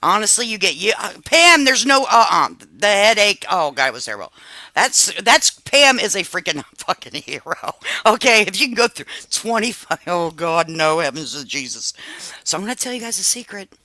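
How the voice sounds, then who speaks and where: A woman in her fifties hosting a live stream, chatting casually with her viewers in an animated, confiding way and swearing freely. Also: mid-range voice, moderate pace, no room sound. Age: 50s.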